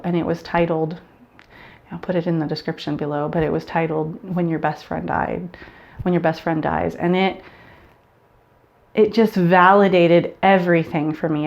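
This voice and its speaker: Woman, lower voice, candid personal vlog, earnest with restarts, dull muffled audio. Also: a little mellow. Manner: earnest, candid, repeats words and restarts when emotional. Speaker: vlogger sharing grief story. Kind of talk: personal talk to camera.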